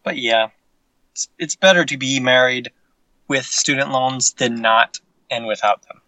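A man co-hosting a casual podcast chat, laid-back and quick to laugh. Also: mid-range voice, pushed and bright, no room sound, rough recording. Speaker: podcast co-host.

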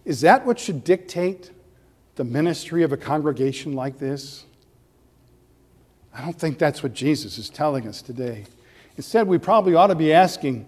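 A man delivering an earnest sermon as pastor, leaning on rhetorical questions and building to animated stretches. His voice sits a little high for a man. A long reverb trails each phrase, as in a church hall. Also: normal speed.

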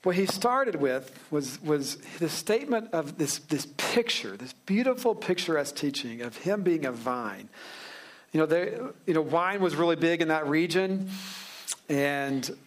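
A pastor preaching a sermon in a relaxed, joking way, slowing down to stress key phrases. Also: male voice, fairly high pitch. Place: church sanctuary.

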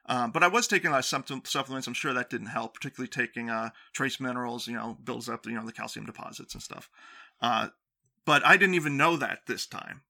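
Casual male storyteller, self-mocking and rambling, gravelly texture. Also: mid-range voice, quick pace, bright, forceful tone. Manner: rambling, self-deprecating, many fillers and restarts.

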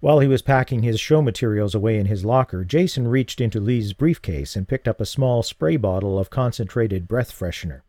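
Male audiobook narrator, steady and even, with a warm, dark tone; dry, close recording. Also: on the low side, fairly quick, hardly any pauses, no echo. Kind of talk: scripted narration.

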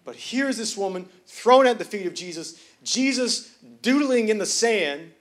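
A high-pitched male pastor delivering a sermon in a church. He talks in a loose, joking, conversational way, then rises into loud, emphatic preaching. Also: lively intonation, unhurried. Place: church sanctuary.

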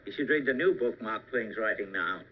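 A man's voice: lowish voice, lively intonation, fairly quick, natural voice. Guy doing kindly old angel, mild and patient, old muffled movie sound w/ faint hiss. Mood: gentle. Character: gentle elderly male angel, kindly and earnest.

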